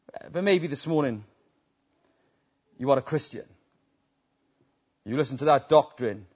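A man preaching a sermon, telling stories that swell into loud, emphatic peaks. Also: on the high side, husky. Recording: dull lo-fi recording.

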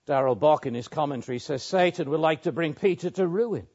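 A man preaching a measured expository sermon, with pauses and small restarts. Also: on the high side, a little mellow, husky. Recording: muffled lo-fi sermon recording.

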